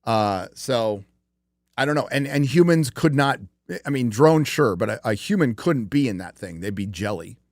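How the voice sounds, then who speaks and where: A man's voice: mid-range voice, expressive, moderate pace, dry recording, studio quality. A man hosting a casual live-stream chat, rambling and profane, with lots of fillers and restarts. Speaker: podcast host.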